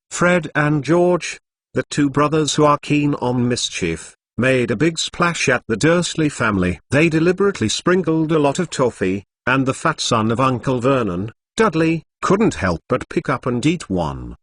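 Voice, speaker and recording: A man's voice: mid-range voice, dry recording, clean studio sound. A man narrating a story as an audiobook. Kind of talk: audiobook narration of fan fiction.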